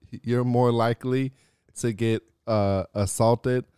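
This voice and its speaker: A man's voice: medium pitch, fairly even intonation, takes it slowly, dark tone, clear, resonant tone, no echo, studio quality. A man co-hosting a podcast in casual chat, laid-back and laughing often, with lots of "like" and "dude.". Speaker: podcast co-host.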